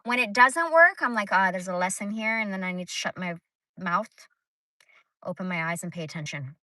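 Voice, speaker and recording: A woman's voice: on the low side, moderate pace, pushed and bright, dry recording. A woman hosting a casual livestream, ranting bluntly and swearing freely. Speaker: livestream host.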